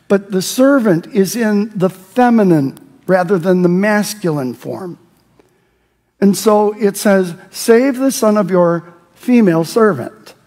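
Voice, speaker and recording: Pastor, male, high tenor voice, sermon with passionate shouted verses, long church reverb. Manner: preaching, rising to shouts on scripture. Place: church sanctuary.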